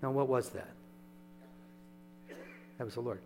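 A man preaching a sermon in a relaxed, conversational storytelling way, often checking in with his listeners. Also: mid-range voice, a little slow, pauses often, soft background music. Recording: echoey hall with mains hum.

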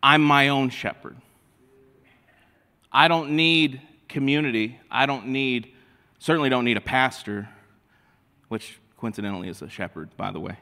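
A man's voice: mid-range voice, bright, forceful tone. A man preaching a sermon as pastor, drawing out key phrases and calling for responses from the congregation. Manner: slow, emphatic preaching with drawn-out phrases and audience call-and-response. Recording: long hall reverb.

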